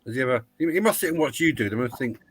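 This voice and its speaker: A man's voice: mid-range voice, lively intonation, racing, breathy edge, dry recording. A man in casual chat, easygoing and curious, asking questions.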